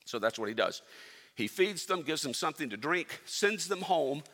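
A pastor preaching a sermon, telling a Bible story with animated swings between loud and hushed delivery. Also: male voice, on the high side, moderate pace. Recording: long hall reverb.

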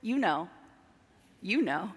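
A woman's voice: mid-range voice, big pitch swings, takes it slowly, husky. Woman preaching in a reverberant hall. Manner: dramatic, shifts between emphatic and hushed. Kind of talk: sermon.

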